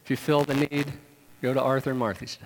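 A man preaching a sermon, animated, pushing his voice up into emphatic questions and joking with the congregation. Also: medium pitch, brisk, in a large hall, a little hiss or hum. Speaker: pastor.

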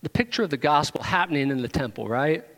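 Man, pastor, sermon, animated, emphatic questions, higher-pitched voice, long hall reverb. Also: quick pace. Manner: animated, rising to emphatic questions, joking with the congregation.

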